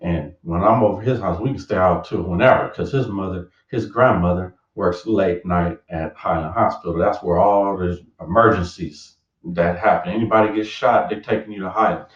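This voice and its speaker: A man casually telling a personal story, lively, acting out his younger self in a raised voice. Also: low voice, moderate pace. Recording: roomy, distant, dull lo-fi sound.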